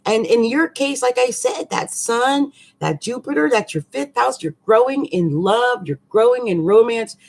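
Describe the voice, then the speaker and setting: A woman's voice: on the high side, expressive, a little slow, gravelly, hardly any pauses. Woman, astrologer, casual monthly forecast, chatty, slangy asides, laughs a lot.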